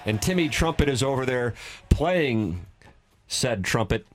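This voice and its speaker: A man's voice: mid-range voice, expressive, a little slow, a little hiss or hum. A man hosting a sports radio show, chatting casually and teasing his co-host while reading out listener texts.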